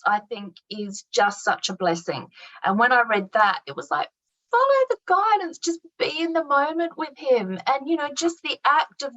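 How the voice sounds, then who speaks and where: A woman's voice: medium pitch, a bit bright, dull audio. A woman speaking as an interview guest, earnest and affirming, talking reflectively over a video call. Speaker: guest, art therapist and creativity coach.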